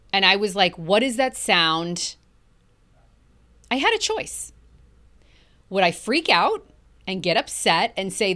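A middle-aged woman hosts a motivational podcast, speaking earnestly and emphatically while drawing out key words for effect. Her voice is mid-range and a bit bright.

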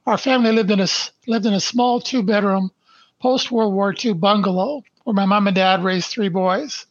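An older man from Canada, a podcast guest who speaks slowly and deliberately, stressing his points and then reading his life story aloud. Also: high-pitched, dry recording, muffled recording. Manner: slow, deliberate and emphatic.

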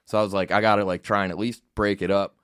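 A man's voice: lowish voice, little pitch movement, fast talker, fairly bright tone, smooth, no room sound. Comedian guy rambling thru a story with lots of ums, dry close mic. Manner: rambling, filler-heavy storytelling. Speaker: comedian guest. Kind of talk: casual podcast storytelling.

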